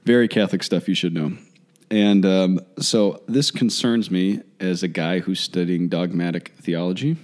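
A man co-hosting a casual talk show about faith, speaking in a halting, rambling way with many restarts. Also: deep voice, steady tone, darkish tone. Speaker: podcast co-host. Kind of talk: casual chat.

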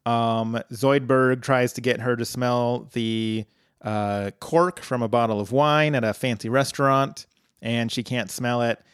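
A man co-hosting a podcast, recapping an episode in casual chat with dry, deadpan jokes. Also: mid-range voice, unhurried, clear, resonant tone, dry recording. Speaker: podcast co-host.

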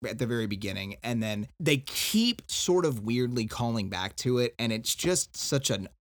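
A man hosting a podcast, chatting casually about a book, animated and laughing with many fillers. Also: medium pitch, moderate pace, no room sound, clean studio sound. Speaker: podcast host. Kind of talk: casual book-discussion chat.

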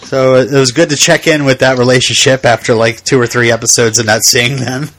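A man's voice: mid-range voice, steady tone, a bit bright. A man co-hosting a podcast, chatting casually, often laughing and stumbling over his words. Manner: laughs often, halting, acts out lines. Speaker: podcast co-host. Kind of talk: casual chat.

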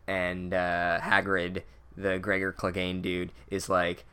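A man's voice: low-pitched, level tone, measured pace, gravelly, bright, forceful tone, clear, resonant tone. A man giving a rambling, sarcastic and profane comedic recap of a book, full of fillers.

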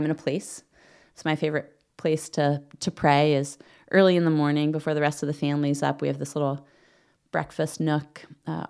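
A middle-aged woman hosting a faith podcast, gently teaching, leading prayer and reading aloud in an earnest way. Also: deep voice. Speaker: podcast host.

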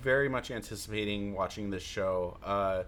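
A man's voice: lowish voice, moderate pace, a bit bright. A man co-hosting a podcast in casual chat, thoughtful and hesitant, with many ums. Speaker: podcast co-host.

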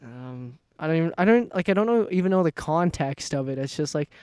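Joking podcast co-host, a fairly high but mellow voice, dry close sound. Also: male voice, animated, a little fast, clean tone, dry recording. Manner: joking and teasing, loose and rambling. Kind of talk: casual chat among friends.

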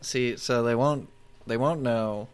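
A man in casual comedic chat, answering in a dry, deadpan way. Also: medium pitch, takes it slowly, clean tone.

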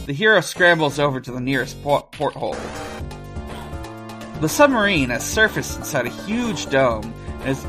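A man co-hosting a podcast, chatting casually and reading a gamebook aloud with loose, halting phrasing and plenty of swearing. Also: fairly high pitch, animated, pushed and bright, soft background music. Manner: loose and profane, halting with restarts and fillers while reading.

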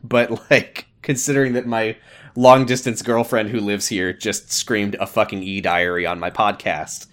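A man's voice: fairly low pitch, fairly even intonation, normal speed, fairly bright tone. A man hosting his podcast, summarizing a show in casual chat with a wry, teasing manner and casual swearing. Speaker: podcast host.

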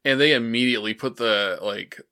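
A man's voice: mid-range voice, brisk. Laid-back man recounting a plot. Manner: steady storytelling with many "and, uh" fillers. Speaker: podcast co-host. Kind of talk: casual chat.

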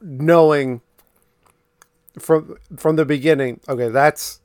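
A man's voice: a little high, steady tone, takes it slowly, a little mellow, no room sound, studio quality. A man in casual chat, chiming in with short remarks and questions. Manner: brief interjections and questions.

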